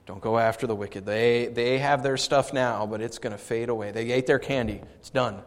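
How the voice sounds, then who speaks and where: A man preaching a sermon as pastor, shifting into lively storytelling and asking his congregation for responses. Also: mid-range voice, moderate pace. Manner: conversational preaching with lively storytelling and audience asides. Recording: long reverb of a large hall.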